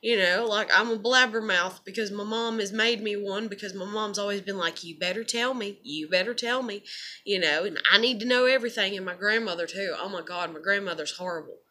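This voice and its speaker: A woman's voice: mid-range voice, fairly quick, hardly any pauses, bright, forceful tone. A woman and mother speaking in a casual monologue, rambling, candid and often profane. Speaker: vlogger and mother.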